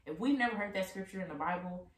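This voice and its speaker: A woman's voice: medium pitch, fast talker. A woman hosting a casual faith discussion podcast, chatty and saying "like" often. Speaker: podcast host. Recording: echoey room, mic at a distance.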